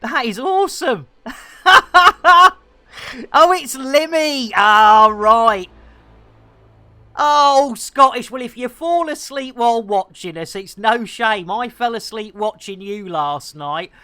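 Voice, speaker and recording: A woman's voice: fairly high pitch, expressive, takes it slowly, bright, forceful tone, no room sound. A woman chatting playfully and giggling with viewers on a live game stream, speaking into a headset.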